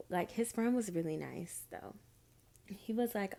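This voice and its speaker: A woman's voice: mid-range voice, lively intonation, a little slow, creaky, dark tone. A young woman vlogger telling a storytime tale in a chatty, exasperated way, speaking straight to her viewers. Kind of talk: storytime vlog.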